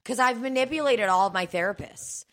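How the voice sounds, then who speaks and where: A woman talking fast and laughing often while she co-hosts a casual, joking chat. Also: fairly high pitch.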